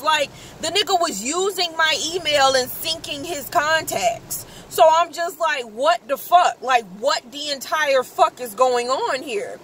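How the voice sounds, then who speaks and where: High-voiced woman telling a story. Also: takes it slowly, a little hiss or hum, poor audio. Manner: animated, profane, exclaims in quoted outbursts. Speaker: vlogger. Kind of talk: casual storytelling.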